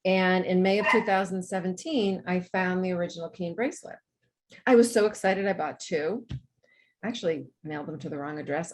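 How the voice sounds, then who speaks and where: A woman hosting a webinar from home over a video call, chatty and enthusiastic as she shares her own story and teaches. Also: fairly low pitch. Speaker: webinar presenter. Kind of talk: friendly instructional talk with personal story. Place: home with dogs.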